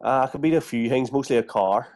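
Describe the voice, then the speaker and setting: A man's voice: medium pitch, fast talker, a little mellow. A man from Northern Ireland with a Northern Irish accent, a podcast guest explaining local slang in a laid-back, laughing way. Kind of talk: casual podcast chat.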